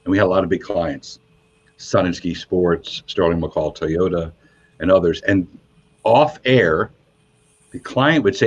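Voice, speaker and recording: A man, a radio DJ and guest, telling animated stories in a casual interview and jumping up in pitch when he quotes people. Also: unhurried, pauses often, breathy edge. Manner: animated storyteller, voices quotes with high pitch jumps. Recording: muffled lo-fi sound.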